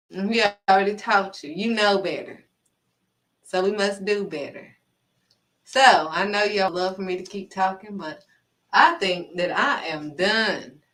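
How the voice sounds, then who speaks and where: A woman giving a casual inspirational faith talk as a vlogger, animated and acting out dialogue as she speaks. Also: mid-range voice, distant mic, poor audio. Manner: animated, acts out quoted dialogue.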